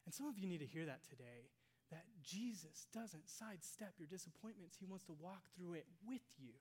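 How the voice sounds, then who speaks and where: A pastor preaching a sermon to a congregation, swinging between loud emphasis and hushed near-whispers and asking rhetorical questions. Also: mid-range voice, animated, a little fast, slightly rough. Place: church sanctuary with congregation.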